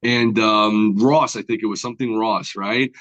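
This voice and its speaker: A man, a comic book artist being interviewed, telling his story in a rambling, animated way with many fillers and restarts, acting out the other people in it. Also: fairly low pitch, moderate pace, highs cut off.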